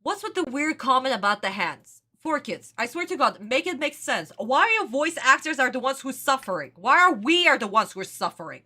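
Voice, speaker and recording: A woman's voice: sits high, sing-song, a little fast, hardly any pauses, bright, forceful tone. A woman hosting a reaction video, ranting in exasperation and laughing at what she watches. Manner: exasperated, rants and laughs at the show. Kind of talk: casual reaction commentary.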